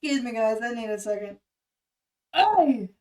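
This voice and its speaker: A young woman in her twenties talking candidly and emotionally in a casual vlog, swearing freely and pausing with fillers. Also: a little high, lively intonation, a little mellow, recorded from a distance, rough recording. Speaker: music reaction vlogger. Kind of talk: casual chat.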